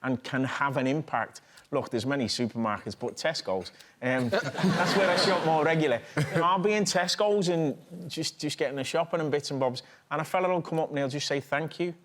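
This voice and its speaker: A middle-aged man with a Liverpool accent, a talk show guest telling an animated anecdote and often asking "do you know what I mean". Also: fairly high pitch, brisk, hardly any pauses. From England, Liverpool. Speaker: guest actor. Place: TV studio with live audience.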